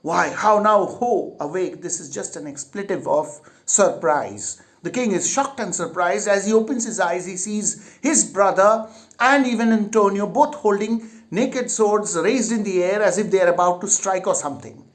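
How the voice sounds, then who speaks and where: A man's voice: high-pitched, normal speed. A man teaching literature, reading each line of a play aloud with emphasis and then paraphrasing it plainly.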